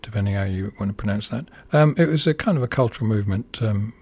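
Husky, hesitant male music presenter. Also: lowish voice, expressive, fast talker, darkish tone, dry recording. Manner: hesitant, many ums and restarts. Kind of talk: casual unscripted radio-style introduction.

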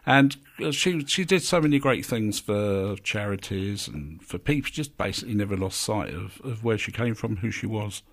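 A man's voice: on the low side, lively intonation, moderate pace, vocal fry, hardly any pauses. A man co-presenting a casual radio chat, telling rambling anecdotes.

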